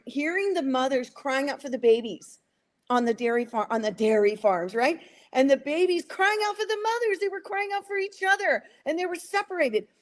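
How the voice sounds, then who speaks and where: A woman in her sixties speaking as a guest on a talk show, emotional and indignant, sometimes acting out quoted voices. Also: high-pitched. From United States. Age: 60s. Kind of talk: impassioned talk-show commentary.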